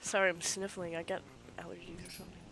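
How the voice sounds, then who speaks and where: A woman's voice: fairly low pitch, little pitch movement, fast, noisy background. A woman with a slight lisp making dry, joking asides in casual gameplay commentary. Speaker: game streamer.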